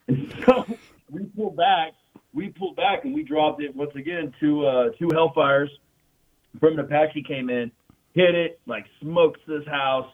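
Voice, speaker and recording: A man telling war stories in casual, profane talk, full of fillers and repeated "you know what I mean". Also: mid-range voice. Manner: casual, profane, fast storytelling with frequent fillers. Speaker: military veteran guest. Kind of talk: casual storytelling. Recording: tinny phone-like sound.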